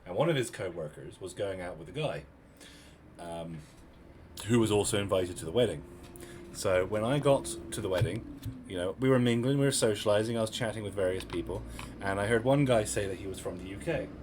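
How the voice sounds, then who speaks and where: A man from Cornwall in his thirties with a British accent, casually telling a story to his stream chat in an animated, chatty way. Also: fairly low pitch, a little fast, a little hiss or hum. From Cornwall, England. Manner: chatty, animated retelling with quoted voices.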